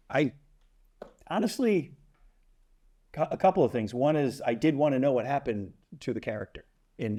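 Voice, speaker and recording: This is a man with a gravelly, creaky voice. He hosts a theater chat show and talks in a loose, meandering way, doubling back on his words and slipping in jokes at his own expense. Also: medium pitch, darkish tone. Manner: rambling, joking, restarts often. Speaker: community theater podcast host and epilogue writer. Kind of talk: casual rambling chat with self-mocking jokes.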